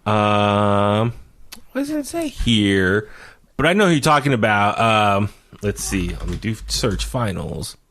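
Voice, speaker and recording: A man's voice: fairly low pitch, very animated, measured pace, fairly bright tone. A middle-aged man chatting casually as a podcast co-host. He rambles, trails off while hunting for names, and fills gaps with ums and uhs. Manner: rambling, searches for names, many fillers. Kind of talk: casual wrestling review chat.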